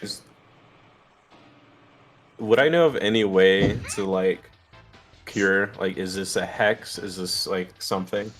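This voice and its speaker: Low-voiced wry young man at a game. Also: slow, long pauses, a bit bright, faint music behind. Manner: wry, swearing, laughing along. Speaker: player. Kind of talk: casual chat at a game table.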